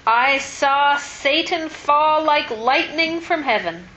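A woman reading scripture aloud at a Bible study, steady and measured. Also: sits high. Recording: dull, faint hiss.

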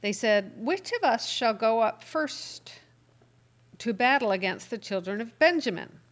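A woman reading Bible verses aloud in a slow, measured way during a study group. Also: on the high side, lively intonation. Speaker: scripture reader.

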